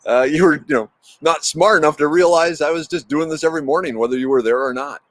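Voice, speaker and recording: A man's voice: on the high side, quick pace, no room sound, voice pushed up, lightly acted. A man voicing a sly old male backwoods poacher who hollers cheerfully in a told joke. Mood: smug.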